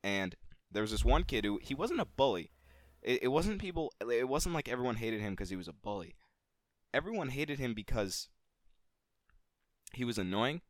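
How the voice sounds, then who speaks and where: A man co-hosting a podcast, telling a childhood story in a casual, animated way and swearing freely. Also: normal speed, long pauses, no room sound, studio quality. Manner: animated, gets louder and higher at the story's climax. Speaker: podcast co-host.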